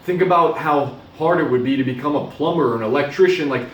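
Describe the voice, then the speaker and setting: A man's voice: a little high, quick pace, muffled recording, slight background noise. Earnest young man giving a pep talk, roomy sound. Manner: earnest, exhortative, with casual swearing. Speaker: motivational vlogger. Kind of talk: motivational monologue. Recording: roomy, distant from mic.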